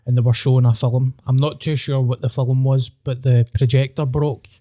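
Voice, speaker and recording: A Glaswegian man hosting a podcast in loose, casual chat, full of swearing and rambling stories. His voice is dark and mellow, and the recording is close and dry, with no room sound. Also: mid-range voice, level tone, normal speed, no echo. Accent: Scottish, Glasgow. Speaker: podcast host.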